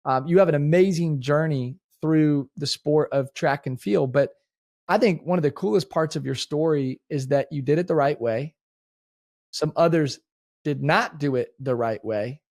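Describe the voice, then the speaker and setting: A man with a fairly high speaking voice hosts an interview, recorded with a dry, close sound. He frames his questions in a measured, encouraging way. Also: darkish tone, no echo. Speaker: podcast host.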